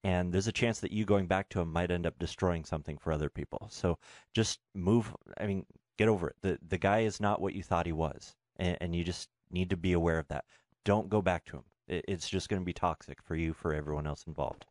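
A man's voice: low voice, fairly quick, darkish tone, no echo, studio quality. A man giving blunt, serious advice in a casual chat.

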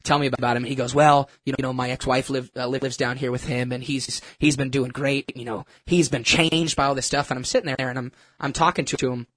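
A man telling a personal story in a casual, animated, self-mocking way, with lots of restarts. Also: mid-range voice, fairly quick, few pauses. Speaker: churchgoer sharing a testimony.

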